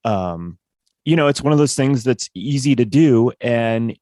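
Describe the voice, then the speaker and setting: A man hosting a podcast, reflecting in a measured, thoughtful way with hesitant ums. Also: medium pitch, lively intonation, warm tone, dry recording, studio quality. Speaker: podcast host. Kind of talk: interview reflection.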